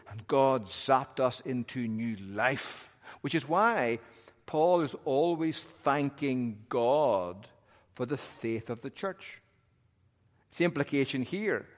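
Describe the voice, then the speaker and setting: Man preaching emphatically in a reverberant hall. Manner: emphatic preaching, rising and dropping to hushed lows. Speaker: pastor. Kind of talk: sermon.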